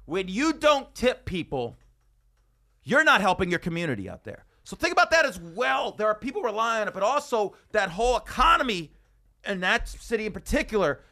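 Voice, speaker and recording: Male comedian host from Vegas, high bright voice, animated storyteller with a ranting streak. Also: brisk. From Las Vegas, USA. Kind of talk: casual podcast chat.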